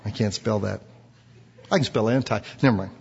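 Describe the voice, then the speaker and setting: A man's voice: fairly low pitch, fairly quick, gravelly, darkish tone, slightly rough. A man preaching a sermon who quizzes the congregation and acts out quotes. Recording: dull recording with long hall reverb.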